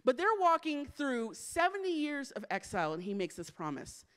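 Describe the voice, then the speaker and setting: A woman preaching a sermon to a congregation in an animated, playful way, joking with the crowd and dropping to a soft, hushed voice in prayer. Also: sits high, normal speed. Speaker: church speaker.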